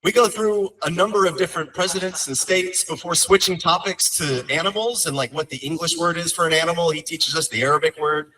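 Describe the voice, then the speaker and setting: Son telling stories at a memorial. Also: male voice, fairly high pitch, brisk, few pauses, bright, forceful tone, distant mic, low-quality recording. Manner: heartfelt, conversational storytelling with light humor. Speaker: son giving a eulogy. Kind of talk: memorial eulogy storytelling.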